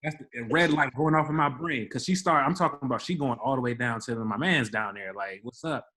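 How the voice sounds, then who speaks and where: This young man, a podcast co-host from Maryland near Washington DC, spins an animated story in casual chat and acts out the voices of its characters. His voice is medium-pitched and a little fast.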